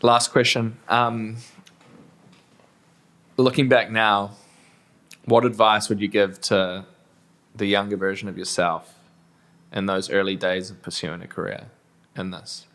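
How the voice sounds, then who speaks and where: A man hosting a podcast interview, asking thoughtful questions in a measured way. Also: fairly low pitch, flat delivery, fairly bright tone. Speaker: podcast host.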